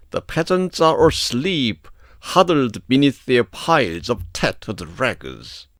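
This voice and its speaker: A man reading an epic poem aloud as a narrator, in a slow, expressive delivery. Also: mid-range voice, no room sound, studio quality.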